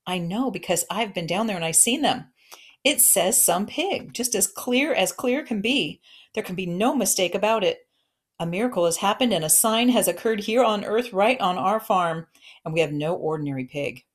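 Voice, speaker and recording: A woman voicing a middle-aged farmer, solemn and awed, speaking earnestly and gravely in a storybook reading. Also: mid-range voice, expressive, normal speed, natural voice. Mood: solemn awe.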